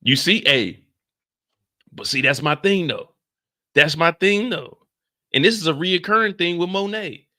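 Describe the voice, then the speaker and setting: A man's voice: on the high side, measured pace, pauses often. A man hosting a live reaction stream, chatting casually, repeating himself and acting out quotes. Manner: animated, repeats lines, acts out quotes.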